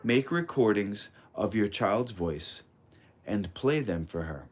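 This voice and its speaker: A man with a fairly low voice reads a parenting book aloud. His delivery is calm, measured and instructive, in the steady manner of scripted audiobook narration.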